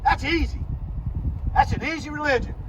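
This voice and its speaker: A man's voice: very high voice, normal speed. A man preaching a sermon, pressing his points in short, repeated phrases. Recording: distant muffled recording with loud engine noise.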